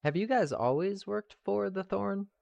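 A man's voice: sits high, measured pace, creaky, a little mellow, no room sound, muffled recording. A man playing a tabletop game, asking short, matter-of-fact questions. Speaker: player. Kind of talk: casual tabletop play.

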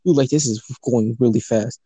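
A man's voice: mid-range voice, moderate pace, mellow, husky, no echo. A young man from Los Angeles telling a rambling, profane story in casual chat, laughing often.

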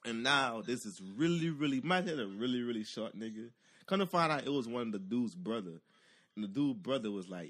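A man telling a comic story in profane street slang, acting out the people in it with deep and squeaky voices. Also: a little fast. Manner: animated, acts out others in deep and squeaky voices. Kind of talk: comedic storytelling.

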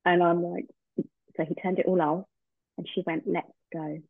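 A woman's voice: on the low side, little pitch movement, moderate pace, no room sound. Woman telling a heartfelt story over a tinny line. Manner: heartfelt, acts out remembered dialogue. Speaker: podcast guest. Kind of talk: personal storytelling in a podcast interview. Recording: tinny phone-like line, dry.

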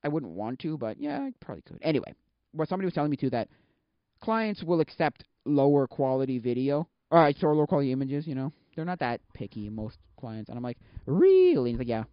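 A man's voice: mid-range voice, expressive, fast talker, no room sound. Guy rambling on his podcast, voice bounces up and down a lot, dry muffled lo-fi sound. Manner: rambling, self-correcting, loses his thread. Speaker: podcast host. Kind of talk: solo casual podcast monologue.

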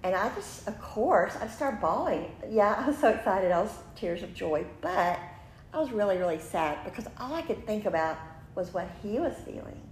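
Animated woman telling a personal story. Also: medium pitch, normal speed. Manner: animated, laughs often, acts out quotes. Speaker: podcast host. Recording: roomy room with faint noise.

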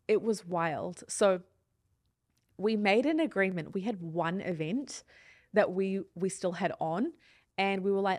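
A woman's voice: on the low side, measured pace, darkish tone, no echo, clean studio sound. A woman in her thirties, a podcast guest, telling a personal story in a candid, reflective and earnest way. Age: 30s.

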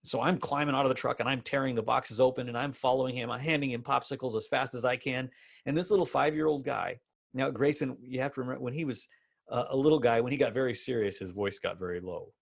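Man preaching, middle-aged, storytelling sermon, mid-pitched voice, slows down for emphasis. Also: creaky. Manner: storytelling, animated bursts, slowing for emphasis. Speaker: pastor.

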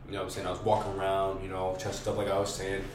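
A man's voice: deep voice, monotone, fast talker. A young man telling a casual story in heavy slang and profanity, acting out his own quoted lines. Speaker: podcast guest. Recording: roomy, distant mic, faint noise.

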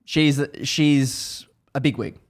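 A man hosting a podcast, casually retelling a book's story in animated bursts that build tension. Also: medium pitch, takes it slowly. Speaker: podcast host. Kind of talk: casual book recap chat.

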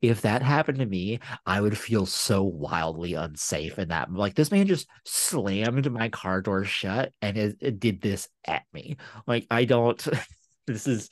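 Low-voiced man with a lively, swinging delivery. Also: unhurried, no echo. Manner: excitable, full of fillers and restarts, swings up in pitch. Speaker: podcast co-host. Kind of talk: casual movie review chat.

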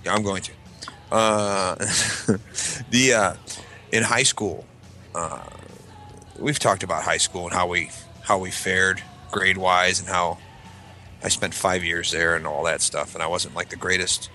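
A man telling a long story in casual chat with friends, rambling and profane, acting out shouted quotes. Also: deep voice, fairly even intonation, a little slow, faint music behind. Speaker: podcast co-host telling a story.

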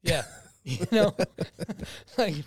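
A man's voice: sits high, animated, drawn-out words, breathy edge, dry recording. A man, a podcast guest chatting casually and confidently, laughing often. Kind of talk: casual chat. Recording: dry close studio sound.

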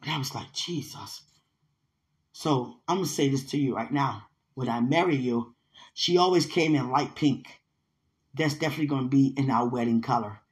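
A young woman speaking to her partner in an emotional, spiritual monologue. She sounds heartfelt and often tearful, and her voice swings between loud outbursts and hushed asides. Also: rumbling low, brisk.

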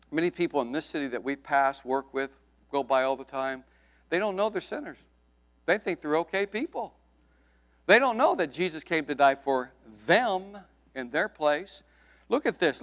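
A middle-aged man preaching a sermon with emphasis, his voice rising loud and dropping to a hush, with folksy asides. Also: fairly high pitch, clean tone. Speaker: pastor.

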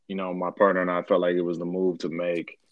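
A young man co-hosting a casual podcast, talking in a relaxed, rambling way with lots of fillers. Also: deep voice, fast, no room sound, lo-fi sound. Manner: laid-back, rambling with many fillers. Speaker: podcast co-host.

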